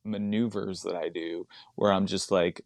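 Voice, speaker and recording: A man's voice: deep voice, fairly even intonation, measured pace, no room sound, clean studio sound. A man, a stand-up comedian chatting as a podcast guest, rambling into tangents and laughing often. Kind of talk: casual podcast chat.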